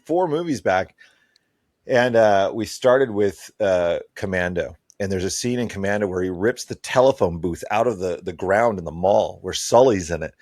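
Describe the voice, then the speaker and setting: A man's voice: low-pitched, normal speed, no room sound, studio quality. A middle-aged man chatting as a podcast guest, telling enthusiastic stories about the movies he loves. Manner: animated, enthusiastic storyteller. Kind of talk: casual chat.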